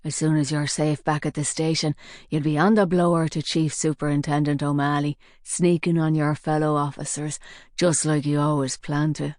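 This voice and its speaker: A woman voicing a menacing male gunman with a hoarse, gravelly voice. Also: sits low, flat delivery, normal speed, a little mellow, no echo, clean studio sound, natural voice. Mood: mocking.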